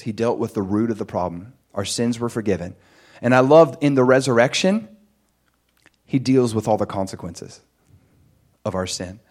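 A man preaches a sermon and weaves in his personal story. He tells it with animation, and his voice leaps up high and loud at the excited parts. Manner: animated storytelling, jumps much higher and louder in excited moments.

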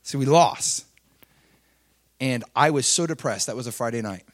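A middle-aged man preaching, telling a personal story with swings between loud intensity and quiet confession. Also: medium pitch, moderate pace. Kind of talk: sermon storytelling.

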